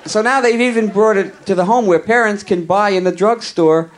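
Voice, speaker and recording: A male comedian telling a long comic story in a wry, conversational way, with deadpan asides. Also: high voice, moderate pace, slight background noise.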